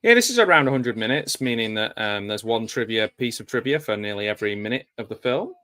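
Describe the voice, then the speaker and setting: A man's voice: lowish voice, expressive, quick pace, bright, forceful tone, dry recording. A man giving a casual, joking live commentary over a film, chatty and wry with plenty of fillers. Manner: chatty and wry, with dry jokes and frequent fillers.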